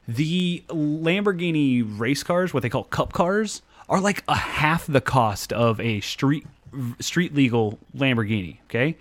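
A man's voice: mid-range voice, expressive, a little slow. Rambling, profane podcast host man. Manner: profane, rambling, restarts often. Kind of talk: casual chat over beers.

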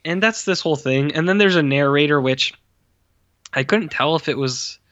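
A man's voice: fairly high pitch, normal speed, a bit bright, muffled recording. A man co-hosting a casual film review podcast, rambling and profane, slipping into mocking voices when he quotes people. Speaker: podcast co-host. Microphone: own microphone with mute.

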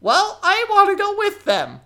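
An excitable young goblin sorcerer chatters in a high, squeaky voice, rambling nervously about his order. The tone is bright and tense, with a slow, halting pace between bursts. He sounds keen to please in a tabletop game. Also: full character voice. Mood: pleading.

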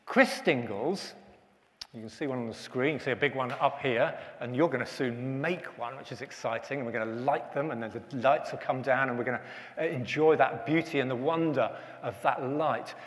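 A man's voice: medium pitch, moderate pace, long reverb tail. A man leading a family church service, talking chattily with children and asking them questions. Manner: chatty, asks children questions, many restarts. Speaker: pastor.

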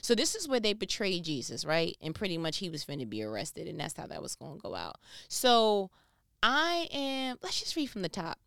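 A woman giving casual devotional Bible teaching, telling the stories in an animated, slangy way and acting out the people in them. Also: fairly low pitch, moderate pace, vocal fry, dry recording, studio quality. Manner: animated storytelling, slangy, acts out voices.

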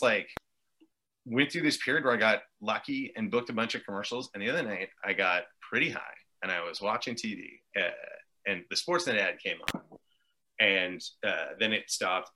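This podcast guest is an actor from Montreal, Canada, an adult with three kids, who rambles off on tangents and curses liberally while chatting. He speaks with a fairly low pitch and a bright, forceful tone.

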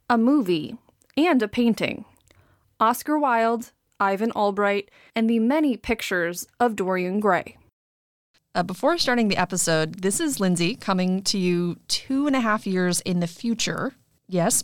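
A woman's voice: mid-range voice, no echo, studio quality. A woman hosting a podcast about art, talking in a playful, self-mocking, chatty way. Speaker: podcast host. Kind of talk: casual chat.

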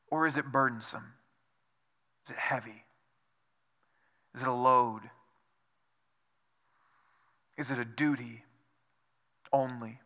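A man's voice: mid-range voice, steady tone, takes it slowly, long pauses, sharp tone. A man preaching a sermon as pastor, asking rhetorical questions over and over and dropping to a whisper for emphasis. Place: church.

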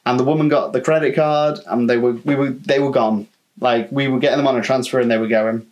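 A man's voice: medium pitch, fairly even intonation, fast, darkish tone. A man, a podcast co-host telling a casual anecdote from his time as a holiday rep, acting out quotes and swearing freely. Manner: chatty, swearing, acts out quotes. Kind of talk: casual storytelling chat.

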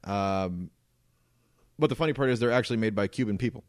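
A man's voice: on the low side, fairly quick, no room sound. A man in his thirties co-hosting a podcast, telling a rambling story in casual chat with plenty of swearing. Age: 30s. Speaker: podcast co-host.

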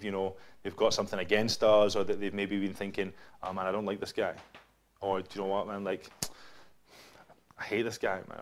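Chatty Scottish man preaching a sermon. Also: lowish voice. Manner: casual, chatty preaching with frequent "right?" and "yeah?". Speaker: pastor. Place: church building.

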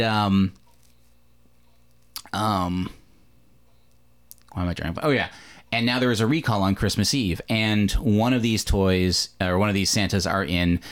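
A man from Canada talks through a film in a loose podcast chat, filling pauses with ums and restarting sentences. His voice sits on the low side. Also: a bit bright. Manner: rambling, many fillers and self-corrections. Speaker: podcast host. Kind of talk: casual movie discussion.

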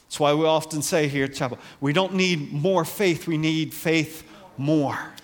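Man, pastor, unhurried conversational sermon, slips into character voices, echoing church hall. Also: a little high. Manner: acts out Bible characters' voices, conversational preaching. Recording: long hall reverb.

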